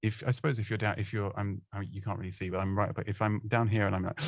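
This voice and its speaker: A man giving casual, chatty advice on presenting, self-deprecating and prone to quick restarts. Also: lowish voice, level tone, creaky, dry recording. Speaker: presenting coach. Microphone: close studio microphone.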